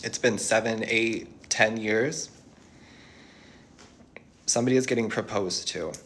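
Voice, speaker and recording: A man's voice: lowish voice, unhurried, fairly bright tone, a little hiss or hum. Man giving a musing tarot reading. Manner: reassuring, musing, thinks aloud. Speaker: tarot reader. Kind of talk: channeled tarot reading to viewers.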